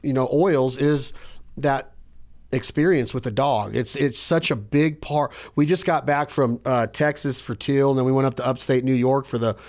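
A man's voice: medium pitch, normal speed, a little mellow. A man hosting a podcast, talking earnestly and reflectively, building his points in lists. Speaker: podcast host. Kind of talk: casual podcast conversation.

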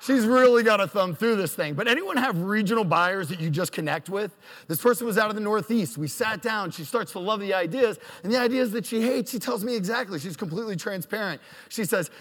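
A man in his thirties tells a self-deprecating story before a live audience. He acts out quotes with animation, and his high voice rings through a reverberant hall. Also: fast talker, fairly bright tone. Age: 30s. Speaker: storyteller on stage.

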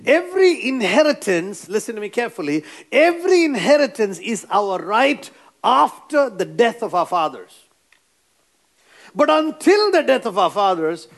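A male preacher with a high voice that swings widely up and down. He preaches with emphasis, repeats his phrases, and keeps urging the congregation to say amen. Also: fairly bright tone. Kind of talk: sermon.

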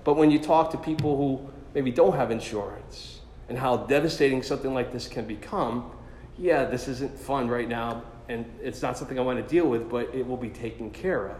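A man telling a personal story as a sermon, in an animated, self-deprecating way. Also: medium pitch, normal speed, slight background noise. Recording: echoey hall with long reverb.

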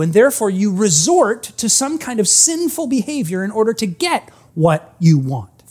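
A pastor giving an earnest sermon, slowing down for emphasis and acting out a story. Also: medium pitch, darkish tone. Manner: earnest, emphatic, acts out stories; frequent restarts, slows for emphasis.

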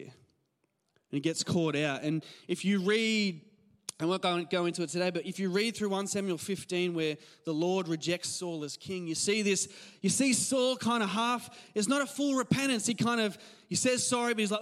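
A male pastor in his thirties with an Australian accent, giving a casual, animated sermon full of stories and laughs. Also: high voice, normal speed, big-room sound. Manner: conversational, animated storytelling with laughs. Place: church hall.

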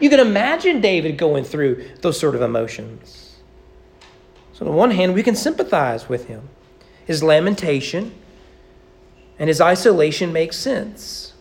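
A man's voice: fairly high pitch, gravelly. Male pastor preaching, voice swoops up and down a lot, leans hard on key words. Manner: expressive preaching, slowing and stressing key words. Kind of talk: sermon. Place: church sanctuary.

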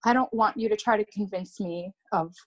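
Haltingly and with many restarts and repetitions, a young woman shares a painful personal story as a podcast guest. Her voice is medium in pitch.

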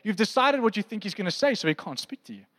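A man's voice: high-pitched, very animated, fast, fairly bright tone. A man preaching a pastoral sermon to a church congregation, talking conversationally and often asking the room questions. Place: church auditorium. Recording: long hall reverb.

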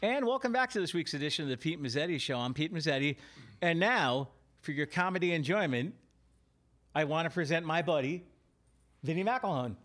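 A man's voice: fairly high pitch, lively intonation, brisk, a bit bright. A man hosting a local TV comedy show, easygoing and teasing. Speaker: show host. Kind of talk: casual TV hosting.

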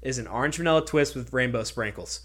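A man's voice: mid-range voice, quick pace, a bit bright. A man co-hosting a podcast in casual chat, arguing back in an easygoing way, often saying "dude" and laughing. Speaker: podcast co-host.

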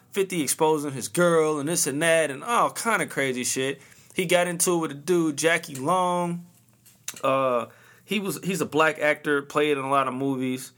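A man's voice: on the high side, normal speed, fairly bright tone. Laid-back man rambling on a podcast. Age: early 30s; 30s. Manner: laid-back, rambling slang-heavy talk. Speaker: podcast host. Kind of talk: casual solo podcast monologue.

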